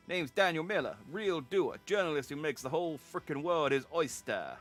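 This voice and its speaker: A man's voice: a little high, expressive, normal speed, fairly bright tone, soft background music, voice pushed up. Man putting on a brash Boston journalist. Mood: cocky. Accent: put-on Boston. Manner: mocking, swaggering. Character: brash cocky male journalist rival. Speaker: streamer reading game dialogue.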